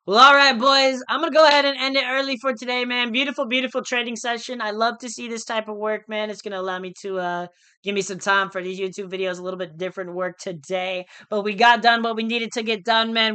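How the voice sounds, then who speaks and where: A man's voice: extremely high pitch, fairly even intonation, a little fast, sharp tone, smooth, no echo. A man day trading on a live stream, chatting casually in a laid-back, slangy way, repeating phrases and calling listeners dude and bro. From United States.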